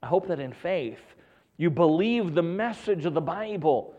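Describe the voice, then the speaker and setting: Pastor guy preaching a sermon, kinda high voice, gets real quiet and hushed for emphasis. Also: expressive, unhurried, dull audio. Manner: preaching with dramatic drops to a hushed voice; reads scripture in King James wording.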